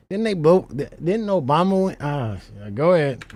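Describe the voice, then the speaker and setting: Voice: mid-range voice, darkish tone. A reaction stream host giving casual, mocking commentary and laughing often.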